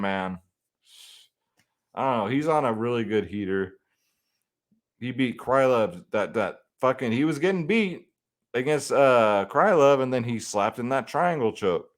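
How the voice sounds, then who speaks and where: A man's voice: medium pitch, expressive, normal speed. A man hosting a fantasy sports picks video, talking casually and swearing freely as he breaks down upcoming fights. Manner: laid-back and conversational, swears freely and says "man" often.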